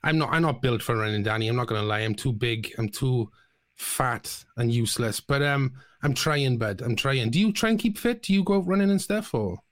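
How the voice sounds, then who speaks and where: A man's voice: mid-range voice, animated, a little fast. A man hosting a casual chat, easygoing and self-deprecating.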